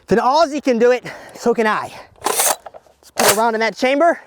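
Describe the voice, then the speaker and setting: A man's voice: very high-pitched, normal speed, very noisy. A man appearing as a guest at an outdoor shooting range, easygoing, exclaiming at big hits and hesitating with fillers when put on the spot. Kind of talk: casual chat.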